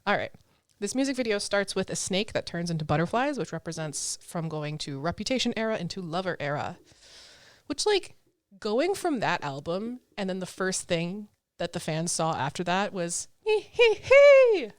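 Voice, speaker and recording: A woman's voice: fairly low pitch, big pitch swings, normal speed, no room sound. A woman co-hosting a casual podcast, chatty, reading from her notes with frequent ums and laughs. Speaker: podcast co-host. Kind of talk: casual chat.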